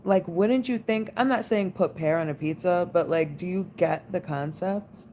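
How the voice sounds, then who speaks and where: A US woman in her 20s hosts a late-night livestream, rambling relaxedly with viewers and using lots of "like" fillers. Her voice is fairly low and at normal speed, with a little hiss or hum.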